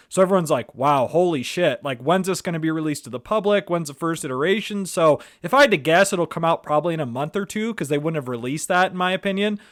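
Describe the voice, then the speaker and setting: A man hosting a podcast, asking his guest questions in a relaxed, chatty way. His voice sits a little high, and it is recorded close and dry, with no room sound. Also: no room sound. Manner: casual, conversational questioning. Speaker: podcast host. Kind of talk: podcast interview.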